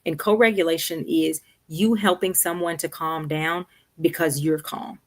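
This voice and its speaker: A woman's voice: sits low, steady tone, a little slow. A middle-aged woman counselor answering audience questions on a livestream, talking in a conversational way that keeps checking in with "right?" and "okay". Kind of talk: live-streamed Q&A advice. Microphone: streaming setup.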